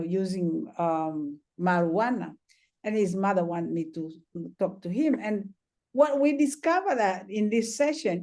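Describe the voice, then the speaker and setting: Mellow-voiced woman healer, gentle and reflective. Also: mid-range voice. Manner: gentle, reflective, many "you know"s. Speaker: trauma healer, interview guest. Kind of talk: conversational storytelling.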